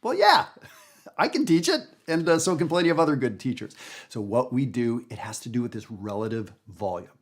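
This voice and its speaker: Animated male jazz teacher. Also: mid-range voice, normal speed, husky. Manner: animated, emphatic talk with wide swings in loudness. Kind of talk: online music lesson.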